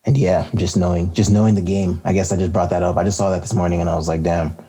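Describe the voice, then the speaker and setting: A man's voice: sits low, flat delivery, quick pace, dark tone, breathy edge. A man co-hosting a casual hip-hop podcast, talking in a laid-back, rambling way with lots of fillers and laughter. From Canada. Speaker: podcast co-host.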